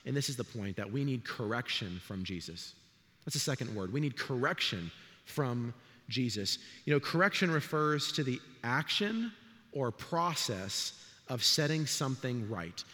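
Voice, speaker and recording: A man's voice: mid-range voice, normal speed, in a large hall. A middle-aged man, a pastor, preaching a sermon in a church and telling stories with acted-out voices. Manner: animated storytelling, acts out voices. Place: church sanctuary.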